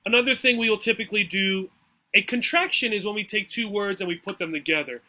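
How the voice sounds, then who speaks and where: A man's voice: sits high, fast talker, bright, forceful tone. A man teaching English, walking through a textbook dialogue in a chatty way and often checking in with "right?" and "okay?".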